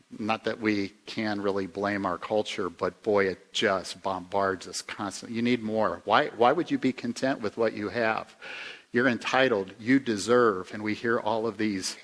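A man preaching a sermon in a conversational way, asking the listeners questions and swinging from emphatic rises to quiet low asides. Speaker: pastor.

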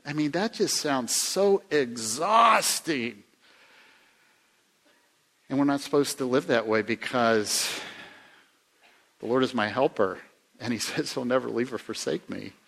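A man's voice: a little slow, creaky, pauses often. Conversational male pastor preaching. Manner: conversational, asks the listeners questions; swings from emphatic rises to quiet low asides. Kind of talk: sermon.

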